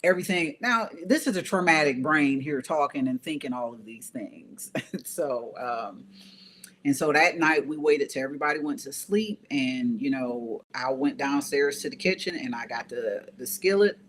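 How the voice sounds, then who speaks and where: A woman's voice: rumbling low, moderate pace, a bit bright, slight background noise. A woman guest telling a personal story in a casual, earnest way, often repeating phrases for emphasis. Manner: conversational, with frequent fillers.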